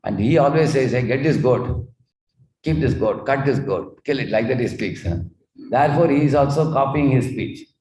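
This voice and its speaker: A man's voice: mid-range voice, moderate pace, far from the mic, slight background noise, lightly acted. A man voicing a sweet-spoken, courteous male parrot from a king's palace while telling a story. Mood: earnest. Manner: courteous, gently explaining. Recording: echoey room.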